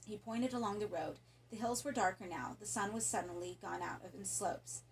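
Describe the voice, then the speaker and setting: Woman reading a horror story, calm steady voice, bit of background hiss. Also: medium pitch, normal speed, low-quality recording. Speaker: audiobook narrator.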